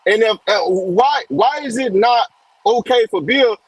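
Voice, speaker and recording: A man's voice: very high voice, unhurried, over music, rough recording. A man calling in to a casual boxing chat, speaking emphatically and repeating his points. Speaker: guest on call.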